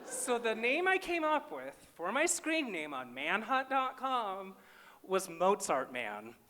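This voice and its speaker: A man's voice: high voice, huge pitch swings, takes it slowly, bright, forceful tone, a little hiss or hum. A man from small-town Minnesota doing a live stand-up comedy set on stage, with wry, self-deprecating punchlines.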